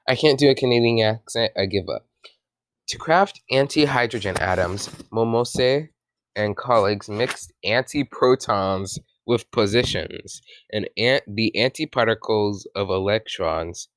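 Slow, low-voiced man reading aloud. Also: no room sound. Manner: stumbles, rereads and corrects himself. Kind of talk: casual reading of a science article with commentary.

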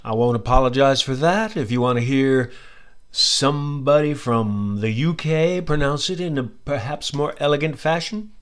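An American English teacher hosts a podcast for English learners, explaining expressions in a chatty, friendly manner. His voice is smooth and medium-pitched, at a moderate pace.

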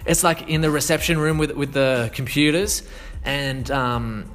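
A man's voice: fairly high pitch, normal speed, fairly bright tone, soft background music. A man telling a story in a loose, rambling way, swearing freely, with many fillers and restarts. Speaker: sales consultant. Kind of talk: casual storytelling.

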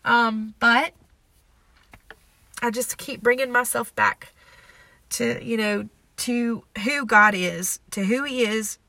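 A woman's voice: on the high side, takes it slowly, creaky, long pauses, sharp tone, dry recording. A young woman hosting a faith podcast, talking in an earnest, emotional and confessional way. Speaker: podcast host. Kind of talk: personal faith podcast talk.

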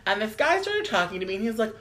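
Animated woman telling dating stories. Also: mid-range voice, racing. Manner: storytelling, swears freely, laughs often. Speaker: podcast co-host. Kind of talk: casual chat.

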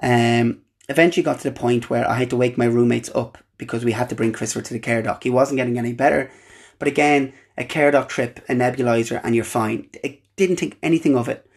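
A young Irish man hosting a podcast, telling a personal story in an earnest, halting way with frequent restarts. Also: medium pitch, steady tone, vocal fry, breathy edge. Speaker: podcast host.

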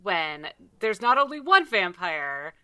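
Bright-voiced woman in casual chat. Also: on the low side, slow, no room sound. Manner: animated, quotes others in playful voices. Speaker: podcast co-host.

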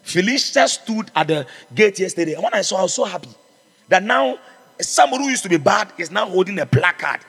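A man's voice: high-pitched, expressive, fast, vocal fry, fairly bright tone, husky, in a large hall. A man preaching a sermon as pastor, fervent and exhorting, calling out to his congregation. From Ghana.

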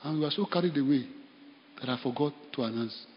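Nigerian pastor preaching in a hall. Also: male voice, mid-range voice, fast talker. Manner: storytelling, animated, bursts of laughter. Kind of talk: sermon. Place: church. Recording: dull sound in a reverberant hall.

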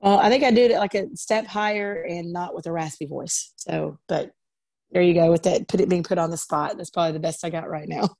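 A woman from Arkansas with a low voice that has a gravelly fry to it. Her tone is dark and mellow, and the recording is dry and close. She talks in a loose, modest, chatty way as an interview guest. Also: steady tone, a little fast, no echo. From Arkansas, USA. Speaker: singer-songwriter guest. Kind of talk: casual interview chat.

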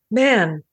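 A woman with a high, husky voice joins a podcast by video call as co-host. She chats playfully through an episode recap, using plenty of fillers.

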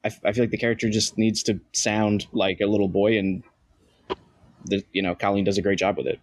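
A man's voice: lowish voice, flat delivery, a little fast, no room sound. Give me a man rambling casually as a podcast co-host, with a dry sound. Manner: chatty, joking, trails off with fillers.

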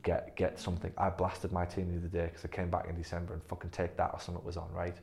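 A man's voice: sits low, monotone, fast talker, vocal fry, darkish tone. A man leading a staff training session, blunt and emphatic, swearing freely. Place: physio clinic room.

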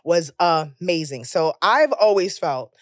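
A woman in her thirties co-hosting a podcast, telling candid stories in casual chat with frequent cursing and loud, high outbursts when she jokes. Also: expressive, takes it slowly, no room sound, clean studio sound. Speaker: podcast co-host.

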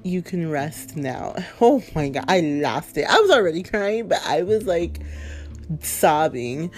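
Woman, low voice, casual rambling chat, filler-heavy, emotional. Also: big pitch swings, unhurried, darkish tone, faint music behind. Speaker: movie fan vlogger.

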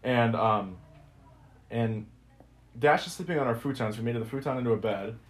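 A young man chats casually on a podcast, his voice sitting at an ordinary middle pitch. He tells a long story in a loose, rambling way, with plenty of "like" and the odd swear word. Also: moderate pace. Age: young adult. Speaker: podcast host. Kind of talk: casual chat.

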